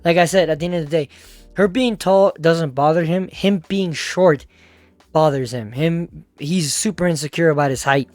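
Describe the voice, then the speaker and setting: A man's voice: a little high, normal speed, no echo. A man narrating a manga recap in a casual, rambling, slangy way with frequent laughter. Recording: faint music behind.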